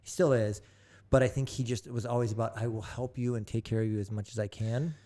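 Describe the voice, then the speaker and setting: Man, mid-pitched voice, rambling, lots of restarts, podcast guest, studio mic. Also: fairly even intonation, brisk, warm tone. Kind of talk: casual chat. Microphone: studio microphone.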